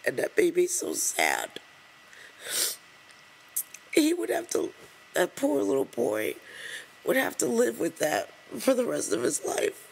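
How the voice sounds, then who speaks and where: A woman reading an open letter aloud to the camera while crying, halting and breaking off to apologize. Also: on the high side, huge pitch swings, vocal fry, a little hiss or hum, rough recording. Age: adult over 20. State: crying, tearful. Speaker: vlogger.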